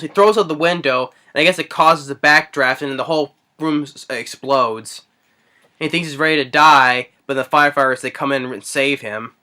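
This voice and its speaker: A man with a fairly high, bright, forward voice recaps a horror film in loose, casual speech. He stumbles and restarts often and leans on filler words while he talks. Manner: rambling, hesitant, heavy on fillers. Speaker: movie reviewer. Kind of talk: casual spoken movie recap.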